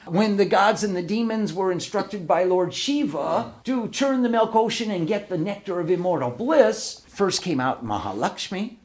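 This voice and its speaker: A man giving a devotional discourse as a spiritual teacher, retelling a sacred story in an expressive storytelling manner. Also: high-pitched.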